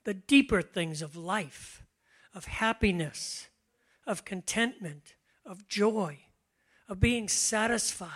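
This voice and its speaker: An older pastor speaks in a relaxed, chatty way, laughing often. His voice sits fairly high, and he takes his time, drawing out the words he wants to stress. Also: slow pace. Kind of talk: conversational sermon.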